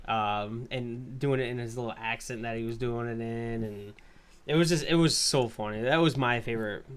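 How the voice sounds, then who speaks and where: A man's voice: medium pitch, normal speed, clear, resonant tone. A man with a mid-range voice takes part in a casual movie chat. He keeps his answers short and simple and agrees with the others often. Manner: short replies, frequent agreement. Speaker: podcast co-host.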